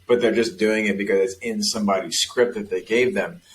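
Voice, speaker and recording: A man hosting a casual sales podcast, talking in a relaxed, rambling way. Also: on the low side, a little fast, slight background noise, poor audio. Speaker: host.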